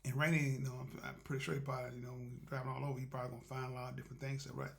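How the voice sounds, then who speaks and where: A man's voice: medium pitch, little pitch movement, very fast, creaky, a bit bright. A man hosting a motivational show, telling a rambling, folksy story about doing right and offering spiritual encouragement. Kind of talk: casual storytelling monologue.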